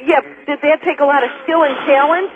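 Woman caller, blunt, cutting, high voice, tinny phone line. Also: fairly even intonation, a little fast, background noise.

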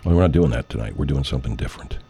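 Husky man, very low, animated, rambling profane host, clears his throat a lot. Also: racing. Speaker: radio show host. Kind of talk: casual off-air chat.

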